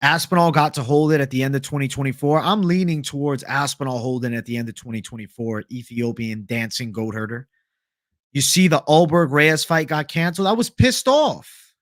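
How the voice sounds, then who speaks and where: In a dry, studio-quality recording, a young man streaming live speaks at medium pitch and a fairly quick pace. He's casual and profane, reading out viewer comments and replying to them.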